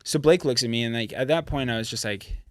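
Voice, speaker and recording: A young man from California, a podcast guest, telling a road story in a casual, profane, animated way. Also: medium pitch, fast talker, no echo. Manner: animated, profane, acts out quotes.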